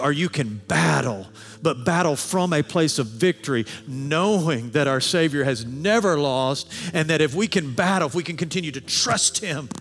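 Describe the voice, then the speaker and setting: A man preaching a sermon with animated delivery, sometimes acting out quoted voices. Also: a little high. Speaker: pastor. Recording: long hall reverb with faint music.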